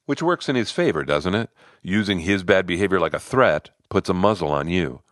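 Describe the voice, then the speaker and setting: A man coaching and telling a story in an expressive, animated way. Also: sits low, brisk, no echo, clean studio sound. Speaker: leadership coach. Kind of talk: narrated storytelling.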